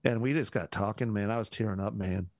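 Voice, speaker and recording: A man's voice: lowish voice, fairly quick, no room sound. A man, a pastor, telling a story casually in a podcast conversation and acting out what people said. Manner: animated storyteller who acts out the dialogue; casual, uses "man" often, restarts sentences.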